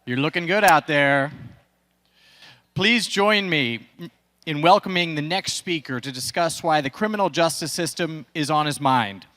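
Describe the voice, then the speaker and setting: A man announcing the next speaker at a conference, booming and pumping up the crowd. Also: measured pace, bright, forceful tone. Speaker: event announcer. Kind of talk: stage announcement.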